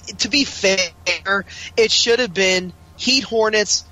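A man co-hosting a podcast, chatting casually about basketball, asking questions and throwing in quick asides. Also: high voice, pushed and bright, rough recording. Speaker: podcast co-host. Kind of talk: casual sports chat.

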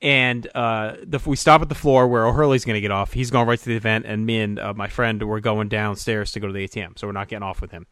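Fast-talking man telling a story. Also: lowish voice, clean tone, no echo, clean studio sound. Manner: animated, laughs through his own story. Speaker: podcast co-host. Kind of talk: casual storytelling chat.

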